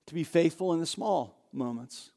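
A man preaching a sermon, telling the story in an animated, conversational way and acting out the dialogue. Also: a little high, moderate pace, vocal fry. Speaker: pastor. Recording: long hall reverb.

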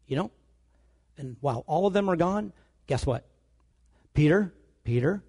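A man preaching a sermon, telling stories with animated delivery and acting out the dialogue. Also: on the high side, normal speed, pauses often, slightly rough.

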